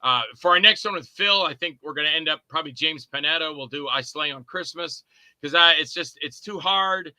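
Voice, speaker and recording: A man's voice: on the high side, brisk, bright, forceful tone, dry recording, low-quality recording. A man guesting on a podcast, a filmmaker telling rambling anecdotes about his movies and acting out scenes in character voices. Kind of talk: casual anecdotes.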